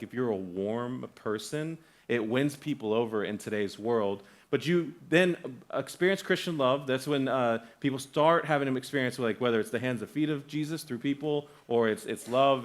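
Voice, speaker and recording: A young male guest pastor preaches to a church congregation in a loose, conversational way. He tells stories with energy, jumps into other people's voices, and often restarts his sentences. His pitch sits in a middle range for a man. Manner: animated storytelling, acts out quoted voices. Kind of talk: sermon. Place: church sanctuary.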